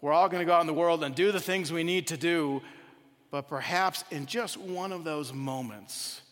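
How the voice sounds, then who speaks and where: A man's voice: fairly high pitch, normal speed, a bit bright. Earnest male preacher in an echoing hall. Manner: earnest, reflective. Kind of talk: sermon with acted storytelling.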